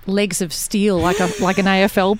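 A woman's voice: mid-range voice, little pitch movement, normal speed, a little hiss or hum. An Australian woman guest chatting casually, telling rambling stories from her country childhood with frequent laughs. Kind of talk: casual chat.

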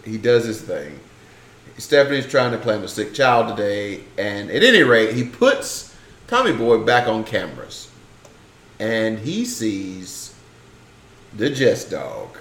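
Playful man with very lively pitch. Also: takes it slowly. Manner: playful, jumps into high silly voices. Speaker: podcast co-host. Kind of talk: casual comedic book discussion. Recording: roomy echo.

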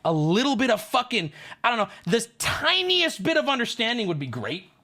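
A man's voice: extremely high pitch, sing-song, moderate pace, pushed and bright. A man streaming, telling a story to his chat in an indignant, profane rant. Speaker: livestreamer.

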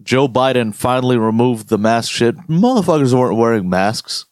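A man's voice: mid-range voice, moderate pace, no room sound, clean studio sound. Profane ranting man, casual chat. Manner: profane, ranting, animated storytelling.

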